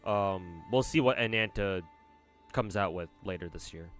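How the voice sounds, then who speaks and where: A man's voice: deep voice, moderate pace, fairly bright tone, soft background music. A young man streaming games, rambling casually, swearing and answering chat messages. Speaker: gacha game streamer.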